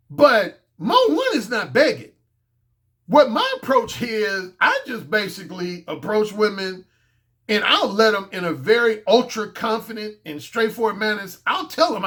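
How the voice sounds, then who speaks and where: A man with a high voice for a male speaker holds forth as a dating coach in a loose, unscripted monologue. He talks bluntly and boastfully, with plenty of profanity. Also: sing-song, measured pace, sharp tone. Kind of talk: casual monologue.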